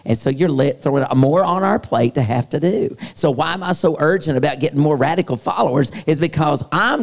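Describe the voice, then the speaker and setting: A man preaching to a youth conference, animated and acting out the voices he quotes. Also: on the high side, normal speed, few pauses. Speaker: youth pastor. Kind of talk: sermon. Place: large hall at a youth conference. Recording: long hall reverb.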